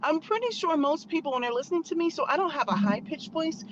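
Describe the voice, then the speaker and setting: A woman's voice: high-pitched, animated, fast talker. A married woman hosting her own channel, giving outspoken, emphatic commentary in a conversational way while driving. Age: adult, married. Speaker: channel host. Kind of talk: opinionated commentary vlog. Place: in a car on a back road. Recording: muffled car recording with road noise.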